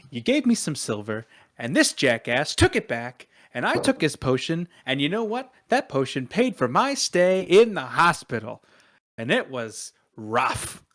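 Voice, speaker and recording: A man's voice: mid-range voice, sing-song, a little slow, fairly bright tone. A man playing an aggrieved male brute who bullies another character for a magic item, in a mock-friendly, emphatic manner. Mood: loud demanding. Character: aggrieved, vengeful male brute demanding loot.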